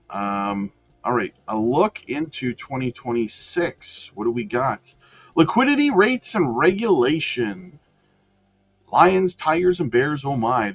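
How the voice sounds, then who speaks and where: A man's voice: on the high side, muffled recording. Man reading crypto news, casual asides. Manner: addresses viewers as guys, frequent self-corrections.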